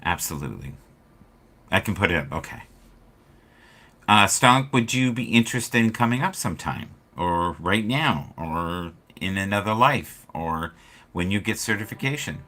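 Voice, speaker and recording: A man hosting a casual spiritual chat stream, telling stories and acting out quoted people with big swings in loudness. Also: low-pitched, expressive, moderate pace. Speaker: livestream host.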